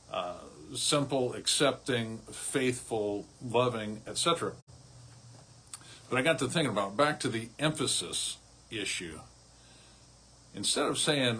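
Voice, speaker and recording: Husky-voiced pastor talking casually. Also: male voice, medium pitch, a bit bright. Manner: conversational, restarts and repeats words. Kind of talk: casual devotional sermon.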